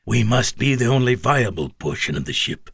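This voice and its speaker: A man voicing an injured alien male junior officer in a low, guttural voice. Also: big pitch swings, normal speed, gravelly, a bit bright, breathy edge, no echo, clean studio sound, heavily acted. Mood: grim.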